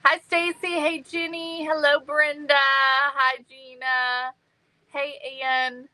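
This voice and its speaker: A woman's voice: high-pitched, level tone, slow, bright, forceful tone, poor audio. A woman hosting a craft live stream, bubbly and chatty, greeting viewers by name. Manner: bubbly and chatty, many ums. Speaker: livestream host.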